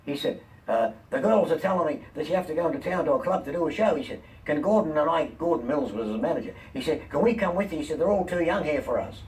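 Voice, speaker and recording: An older man, a comedian and talk-show guest, telling lively anecdotes and voicing the people in them. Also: on the high side, quick pace. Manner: lively, quotes people in animated voices. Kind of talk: anecdotal storytelling. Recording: distant mic, faint room noise.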